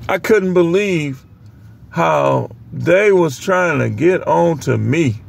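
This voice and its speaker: A young man casually telling work stories to the camera, animated and full of voice impressions. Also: a little high, takes it slowly, gravelly. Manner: animated, imitates other people's voices mid-story. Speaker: vlogger. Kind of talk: casual storytelling.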